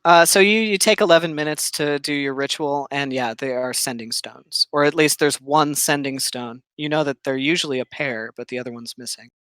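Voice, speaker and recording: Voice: mid-range voice, brisk, hardly any pauses, fairly bright tone, clear, resonant tone, no room sound. A game master narrating a tabletop game in an easygoing way, with frequent fillers.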